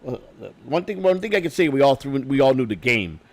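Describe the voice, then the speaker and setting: Fast-talking, profane middle-aged man. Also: mid-range voice, lively intonation. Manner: profane, repeats and restarts words, grows loud when retelling arguments. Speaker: interview guest. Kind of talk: candid conversational storytelling.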